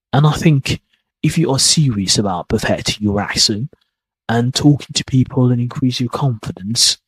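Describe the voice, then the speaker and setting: A man's voice: mid-range voice, husky, no echo, poor audio. A man giving a podcast lesson as an accent coach. He talks in an emphatic, encouraging way and often checks in with "okay?".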